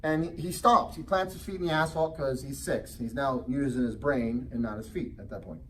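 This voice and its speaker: A middle-aged man giving a motivational real estate seminar talk, telling a family story and asking the audience questions. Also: moderate pace. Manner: acts out child's voice in high pitch. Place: presentation room. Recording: distant mic with faint background noise.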